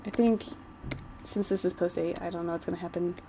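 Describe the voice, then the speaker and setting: A woman's voice: lowish voice, steady tone, fairly quick, dark tone, slight background noise, rough recording. A woman vlogger chatting casually while she doodles, rambling and giggling like a gushing fan.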